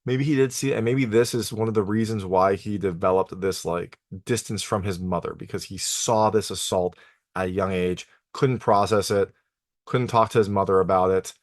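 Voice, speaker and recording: A man's voice: fairly low pitch, fairly even intonation, normal speed, no room sound, studio quality. A man hosting a TV review channel, casually recapping an episode with lots of filler words. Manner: conversational, lots of "like" and "you know" fillers. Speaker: TV review host.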